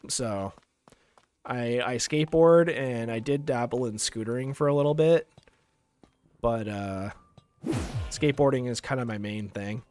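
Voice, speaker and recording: A man's voice: mid-range voice, measured pace, pauses often, darkish tone, slight background noise. A young man from Canada streaming a game, chatting casually and rambling with lots of ums and likes. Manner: laid-back, rambling, many ums and likes. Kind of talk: casual live-stream chat while gaming. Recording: game music playing under the voice.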